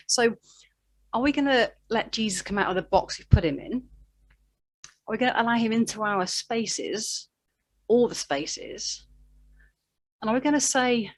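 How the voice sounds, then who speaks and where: A woman preaching a sermon, telling a Bible story with animated delivery and acted-out quotes. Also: medium pitch, unhurried.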